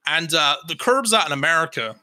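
A young man with an English accent tells a story on a casual podcast. His voice is fairly high and very bright. He talks in an animated, rambling way, full of fillers and swearing. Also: fairly quick. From England. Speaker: podcast host.

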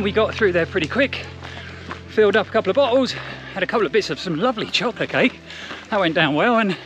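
A man with a noticeably high voice gives chatty, upbeat running commentary for his vlog. He talks on the move, outdoors on mountain trails during a race, with faint music behind him. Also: fairly bright tone.

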